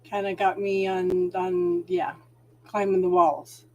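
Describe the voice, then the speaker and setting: A woman's voice: fairly low pitch, little pitch movement, takes it slowly, warm tone, highs cut off. A middle-aged woman hosting a casual spiritual talk stream, chatting sympathetically with viewers and calling them hun.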